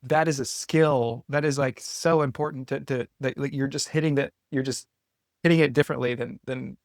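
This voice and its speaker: A man's voice: mid-range voice, fairly even intonation, moderate pace, no echo, studio quality. A man hosting a podcast, talking in a loose, rambling way with lots of "like" fillers and restarts. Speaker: podcast host. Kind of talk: casual interview chat.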